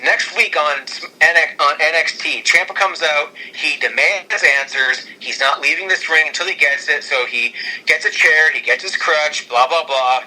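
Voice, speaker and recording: Brief: man, casual podcast co-host, rambling, eager, very bright and fairly high voice. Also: moderate pace, few pauses, low-quality recording. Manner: excitable and rambling, with frequent restarts. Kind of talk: casual podcast chat pitching storylines.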